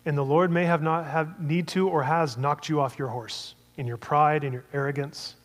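A man's voice: a little high, steady tone, moderate pace, long reverb tail. A man preaching a sermon in a conversational way, asking many rhetorical questions.

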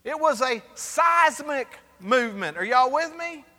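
A man's voice: extremely high pitch, expressive, measured pace, pushed and bright, long reverb tail. A man, the pastor, preaching a sermon and asking the congregation for responses as he goes. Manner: preaching with call-and-response asides.

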